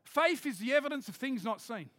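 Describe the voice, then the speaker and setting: A man preaching a sermon, emphatic, switching between quick asides and slow, loud declarations. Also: very high voice, lively intonation, dry recording, soft background music.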